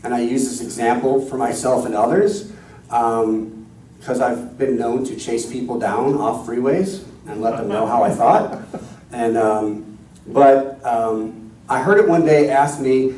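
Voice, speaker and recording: Mellow male minister in an echoey hall. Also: medium pitch, unhurried, far from the mic. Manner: conversational, self-deprecating. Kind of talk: sermon with storytelling.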